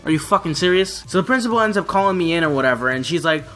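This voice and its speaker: A man's voice: fairly high pitch, expressive, racing, pushed and bright, soft background music. A young man telling a story on his vlog in a brash, profane way. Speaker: vlogger.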